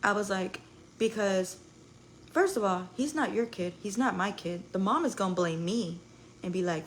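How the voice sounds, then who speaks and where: A woman's voice: medium pitch, animated, normal speed, slight background noise, poor audio. A young woman telling a rambling story to her live viewers, full of "like" and swearing. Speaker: live streamer.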